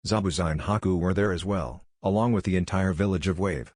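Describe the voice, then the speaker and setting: Deep-voiced man reading a story. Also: brisk, a little mellow, no room sound, studio quality. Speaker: story narrator. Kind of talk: fan fiction reading.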